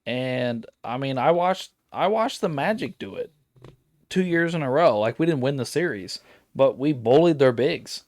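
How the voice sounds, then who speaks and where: A man in a relaxed sports chat talks in a middle register, wandering through his points with fillers and restarts. The sound is dry and close, with no room around the voice. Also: mid-range voice, normal speed, no echo. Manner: rambling, many fillers and restarts. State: sleepy, yawning. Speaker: podcast co-host.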